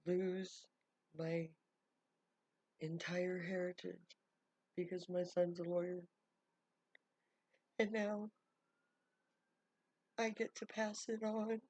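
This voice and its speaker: A woman puts on a middle-aged male shoemaker who is overwhelmed to tears. He speaks in a choked, halting way, slowly and huskily. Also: fairly low pitch, mellow, no echo, highs cut off, voice pushed up.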